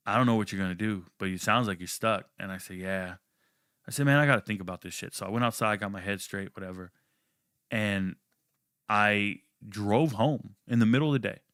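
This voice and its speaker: Brief: male storyteller, low voice, dry close sound, animated and profane. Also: no room sound. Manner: animated, profane, acts out quotes with jumps in pitch. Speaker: host telling a personal story. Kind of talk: casual storytelling.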